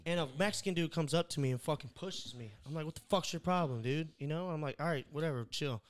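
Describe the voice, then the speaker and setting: Fast-talking man telling a bar story. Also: on the high side. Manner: animated, swears a lot, acts out quotes. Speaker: podcast host. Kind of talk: casual storytelling chat.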